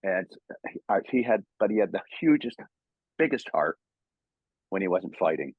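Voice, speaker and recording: A man's voice: sits low, sing-song, moderate pace, husky, dry recording, narrow, tinny audio. An older Canadian man telling stories in a casual interview, laughing often and stammering as he acts out old quotes. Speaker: voice actor guest.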